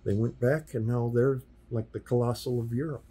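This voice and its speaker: A man's voice: mid-range voice, steady tone, moderate pace, warm tone, breathy edge. A man, a sign painter telling stories in a casual studio interview and slipping into the voices of the people he quotes. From US Midwest. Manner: anecdotal, acts out quoted dialogue in passing. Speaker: sign painter and workshop teacher, podcast guest. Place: podcast studio.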